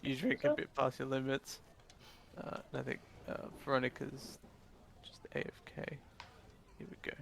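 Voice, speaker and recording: Halting male dungeon master. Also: medium pitch, sing-song, vocal fry, a bit bright, a little hiss or hum. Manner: halting, restarts his sentences often. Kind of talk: casual tabletop game narration.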